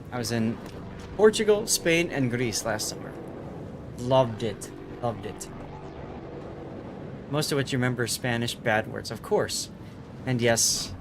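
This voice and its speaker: A man's voice: mid-range voice, noisy background. A man streaming a naval battle game, chatting casually with viewers, laughing often and repeating his words.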